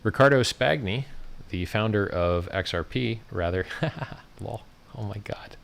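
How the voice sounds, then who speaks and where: A man with a fairly low voice hosts a casual livestream. He talks in a brash, mocking manner and rants at his targets. His commentary is loose and off-the-cuff. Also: animated, unhurried, gravelly, a bit bright. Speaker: livestream host.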